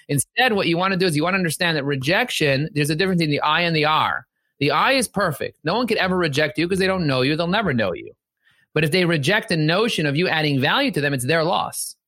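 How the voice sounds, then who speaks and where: A man's voice: on the high side, fairly bright tone, dry recording. A man hosting a podcast as a sales coach, giving emphatic, repetitive motivational advice. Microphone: podcast microphone.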